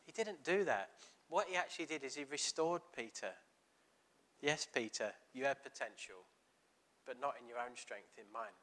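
Bright-voiced man preaching animatedly. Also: medium pitch, normal speed. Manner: chatty, animated storytelling with quoted dialogue. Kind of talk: sermon.

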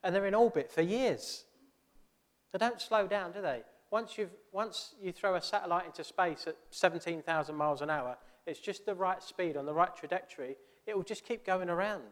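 At a moderate pace, a pastor delivers a sermon in church, sounding earnest and conversational as he puts questions to his listeners. The church's long reverb trails after his slightly high voice.

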